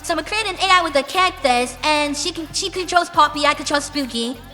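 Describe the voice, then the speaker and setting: A woman's voice: high-pitched, pushed and bright. A woman musician from the United Kingdom giving brash, profane interview answers in a casual way. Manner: brash and profane, drawn-out emphatic phrases. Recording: reverberant room with music behind.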